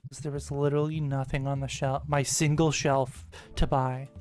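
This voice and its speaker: A woman's voice: extremely low pitch, little pitch movement, normal speed, a little mellow, soft background music. A woman giving casual gameplay commentary, rambling and ranting with exasperated swearing. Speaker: gaming streamer.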